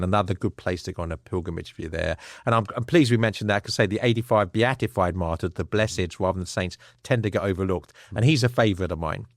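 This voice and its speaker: A man's voice: sits low, dry recording, clean studio sound. An English man, an author, telling stories earnestly as a guest in a casual interview chat. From England. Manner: earnest storytelling, occasional chuckle.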